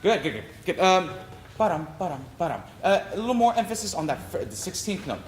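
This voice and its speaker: A man's voice: high voice, expressive, fast talker. A man conducting an orchestra rehearsal, giving notes and singing rhythms aloud to show the phrasing. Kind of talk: rehearsal instruction. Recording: roomy hall sound, faint music.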